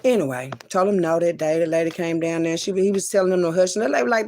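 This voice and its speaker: A woman telling an emotional personal story as a mother, profane and emphatic, swinging between loud outbursts and low murmurs with many repeated refusals. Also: fast talker.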